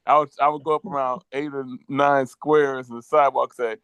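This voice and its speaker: A man's voice: mid-range voice, little pitch movement, brisk, fairly bright tone, clear, resonant tone, no echo. A middle-aged man co-hosting a casual podcast over a video call, telling rambling, sentimental stories. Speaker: co-host.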